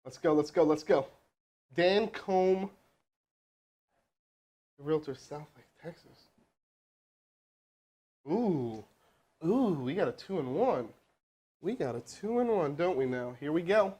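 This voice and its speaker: A man teaching cold calling on a live stream, energetic and joking as he talks to his chat. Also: a little high, slow pace, pauses often. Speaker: sales trainer. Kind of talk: live teaching session with role-played calls.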